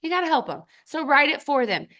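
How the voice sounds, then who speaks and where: A woman and mother speaking as a guest trainer, giving a motivational sales talk in short, emphatic commands with sudden jumps in pitch for stress. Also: sing-song, fairly quick, pushed and bright. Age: adult with children. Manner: addresses the audience directly in short commands.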